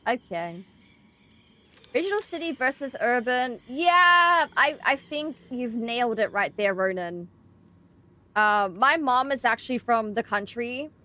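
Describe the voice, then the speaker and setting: A young Australian woman streaming a horror game, chatting excitedly with her viewers. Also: a little high, measured pace. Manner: chatty, excitable, greets chat. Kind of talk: casual gameplay stream chat.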